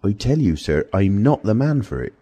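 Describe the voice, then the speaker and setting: A deep-voiced reader lifting his tone into a snivelling, cowardly tramp who whimpers his complaints. The voice stays husky and dark underneath, pitched up and pleading in an audiobook reading. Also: big pitch swings, moderate pace, dull audio. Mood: whining. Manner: pleading, self-pitying complaints. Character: whining, cowardly middle-aged male tramp. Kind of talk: audiobook character voice.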